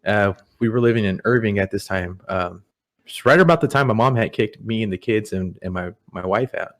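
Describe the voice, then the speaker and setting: A young man telling personal stories in a relaxed, rambling way, full of "you know". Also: fairly low pitch, a little fast. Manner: rambling, repeats words, many "you know"s. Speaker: guest. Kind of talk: casual podcast storytelling. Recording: audio-only podcast.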